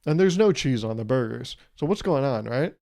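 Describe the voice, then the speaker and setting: Young guy doing a solo podcast bit, dry sarcastic mock-serious delivery, laughs at his own jokes, warm low-key voice. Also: expressive, normal speed, gravelly. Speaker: podcast host. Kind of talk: solo comedic podcast monologue.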